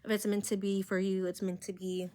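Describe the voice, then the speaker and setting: A young woman with a slight accent all her own talks straight into her camera. She rambles in a candid, self-conscious way, and her voice sits at an ordinary middle pitch. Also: little pitch movement, fairly quick, dark tone. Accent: own non-American accent. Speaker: vlogger. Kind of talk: casual talking to camera. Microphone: camera mic.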